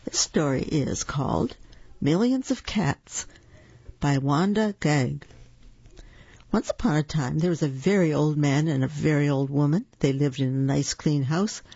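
A storyteller reading children's picture books aloud in a slow, gentle and expressive way. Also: medium pitch, husky, no echo. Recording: dull lo-fi recording.

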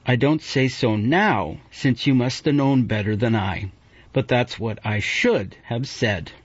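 A man's voice: mid-range voice, unhurried, slightly rough, no room sound. A man reading an audiobook voices a sick, cantankerous old countrywoman who scolds in a rustic dialect with a hollow voice. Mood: scolding, crusty. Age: older. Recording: dull, dry audiobook recording.

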